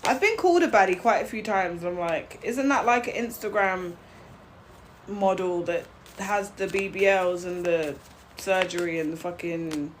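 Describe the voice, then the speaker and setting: A young woman hosts a live-stream tarot reading, greeting viewers and chatting bluntly while laughing often. Her voice is on the low side at a moderate pace, with faint noise underneath.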